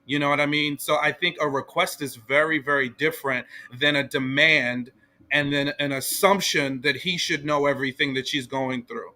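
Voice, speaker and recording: A man as a guest in a casual podcast discussion, talking in a measured, reasoned way and often checking with "right?". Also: fairly high pitch, steady tone, pushed and bright. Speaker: guest panelist.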